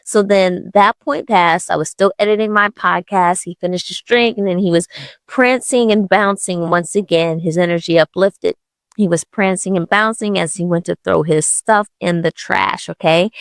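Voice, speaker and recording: A woman's voice: on the low side, normal speed, no echo. Young woman podcaster rambling thru a story, lots of "i was like", dry close sound. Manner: chatty, full of "I was like" and "literally". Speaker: podcast host. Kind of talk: casual spiritual storytelling.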